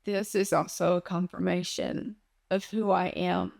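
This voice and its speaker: A woman talking to her viewers in an emotional personal vlog, speaking haltingly as she holds back tears. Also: on the low side, little pitch movement, vocal fry, a little mellow. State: close to tears. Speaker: spiritual vlogger.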